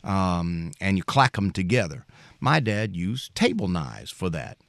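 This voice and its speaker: Folksy musician telling stories. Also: male voice, deep voice, big pitch swings, a little slow, gravelly, a bit bright, dry recording, studio quality. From Mississippi, US. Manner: rambling, folksy, anecdotal. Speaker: musician guest. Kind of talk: storytelling interview.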